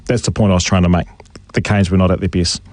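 A man's voice: sits low, fairly even intonation, fast talker, darkish tone, no room sound. A New man co-hosting sports radio, earnestly defending his earlier point. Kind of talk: sports talk radio banter.

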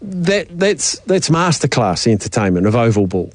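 A man hosting a sports radio show, trading jokes and opinions with a co-host. His pitch sits mid-range. The studio mic gives a close, dry sound. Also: sing-song, normal speed, dry recording. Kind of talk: casual sports chat.

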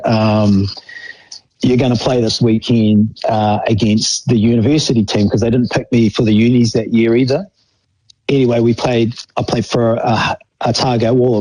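A man's voice: lowish voice, darkish tone, dry recording, rough recording. A middle-aged man with a New Zealand accent, telling old rugby stories in a rambling, casual way and laughing often. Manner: rambling, laughs often, acts out quoted voices. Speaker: former rugby player guest. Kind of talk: casual storytelling interview.

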